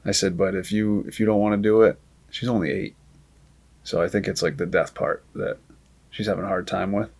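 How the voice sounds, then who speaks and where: Podcast guest, man, lowish voice, animated yarn-spinner who acts out dialogue. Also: fairly quick, gravelly. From Maine. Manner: lively storyteller who acts out quoted dialogue. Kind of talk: casual storytelling.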